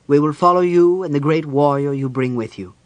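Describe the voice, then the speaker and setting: A man's voice: a little high, a little fast, no echo, natural voice. A man reading an audiobook voicing a courteous, earnest young nobleman who speaks formally. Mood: respectful. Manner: formal, respectful.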